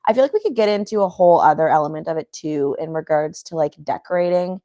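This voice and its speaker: A woman's voice: low voice, fast talker, warm tone, no echo. A young woman co-hosting a casual podcast, chatty and giggly, with lots of fillers. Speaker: podcast co-host. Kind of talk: casual chat.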